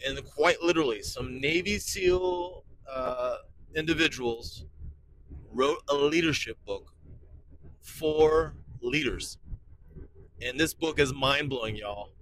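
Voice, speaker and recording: A man's voice: on the high side, takes it slowly, fairly bright tone, slight background noise, poor audio. A man in his forties, a pastor, giving casual podcast talk in an enthusiastic, emphatic way and repeating key phrases. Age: 40s.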